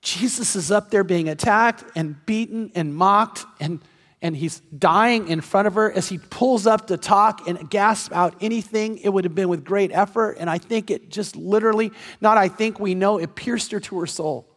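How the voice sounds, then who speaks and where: High-voiced man preaching in a reverberant hall. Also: normal speed, fairly bright tone. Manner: earnest personal storytelling, emphatic repetition. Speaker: pastor. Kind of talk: sermon. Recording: long reverb of a large hall.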